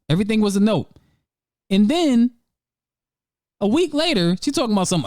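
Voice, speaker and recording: A man tells a story in a casual, profane way over gameplay. His pitch is a little high and swings widely from line to line. The sound is dry and close. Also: moderate pace, long pauses, no room sound. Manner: animated, profane, laughing often. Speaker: gaming channel host.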